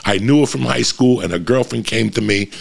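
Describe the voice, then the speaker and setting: A man telling a profanity-heavy story in casual talk, jumping up in pitch for emphasis. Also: a little fast. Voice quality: gravelly and husky. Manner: animated, swears constantly, jumps in pitch for emphasis.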